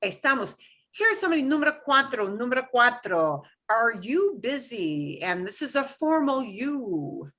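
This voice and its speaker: A woman teaching an online class, animated and quick to laugh. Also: a little high. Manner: animated, punches stressed syllables, laughs easily. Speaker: Spanish teacher.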